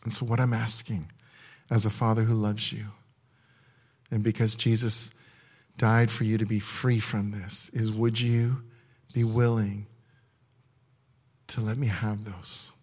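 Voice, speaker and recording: A man speaking in the voice of a gentle, loving heavenly father, soft, hushed and reassuring, as a prophetic word in a sermon. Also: lowish voice, flat delivery, a little slow, long pauses, breathy edge. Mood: tender. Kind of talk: prophetic word spoken as God.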